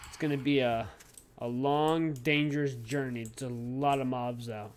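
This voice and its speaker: A man's voice: medium pitch, steady tone, a little slow. A young man giving casual, goofy commentary while playing a video game and talking to his in-game pet. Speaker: gaming YouTuber.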